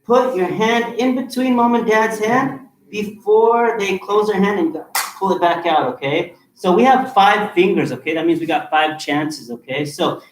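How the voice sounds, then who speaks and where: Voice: mid-range voice, normal speed, few pauses, slight background noise. A martial arts instructor explaining a game to kids and parents, upbeat and directive, checking in with "okay?". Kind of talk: explaining a kids' game in an online class. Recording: echoey hall, far from the mic.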